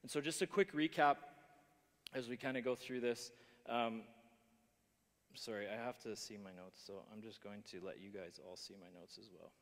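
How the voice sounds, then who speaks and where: Halting male preacher in a reverberant hall. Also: fairly low pitch. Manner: halting, many restarts and fillers. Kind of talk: sermon.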